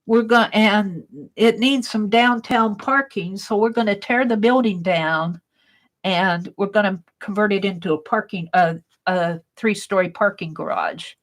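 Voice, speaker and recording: A woman voicing a brisk young male landlord, quoted curtly and matter-of-factly in her own story. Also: medium pitch, pitched below the performer's own voice, close to an everyday voice.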